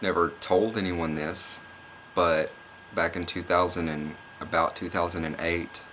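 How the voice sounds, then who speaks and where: A young man with a low, bright-edged voice tells a story straight to camera. He rambles and repeats himself, getting more and more excited. A faint hiss sits under the recording. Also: unhurried. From Oklahoma. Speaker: vlogger. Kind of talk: casual storytelling vlog.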